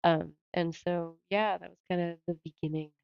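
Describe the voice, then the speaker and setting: A woman's voice: lowish voice, steady tone, moderate pace, vocal fry, smooth, no room sound, dull audio. A woman co-hosting a live stream who chats in a casual, playful way. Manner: chatty, playful, self-aware. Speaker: livestream co-host.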